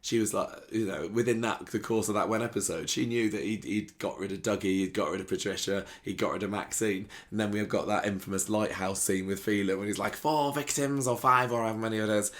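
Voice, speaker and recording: Low-voiced chatty man. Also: brisk, hardly any pauses. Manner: chatty, wry, full of restarts. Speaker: podcast co-host. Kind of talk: casual chat about a soap opera.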